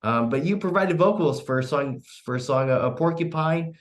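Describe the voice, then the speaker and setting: A man's voice: a little high, lively intonation, normal speed, a little hiss or hum. A young man hosting a student radio interview, often stammering and restarting with lots of "you know". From United States. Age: young adult. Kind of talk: casual interview.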